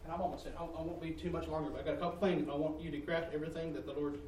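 Man, preacher, sermon, high voice, confessional storytelling, echoey hall. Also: level tone, very fast, slight background noise. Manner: confessional, storytelling, swings from quiet to loud and exasperated. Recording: echoey room, distant mic, faint ambience.

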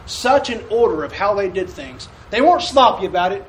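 A man's voice: sits high, very animated, brisk, a little hiss or hum. A man preaching a folksy sermon with call-and-response, recorded in a church sanctuary from a distant mic. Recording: echoey room from a distant mic.

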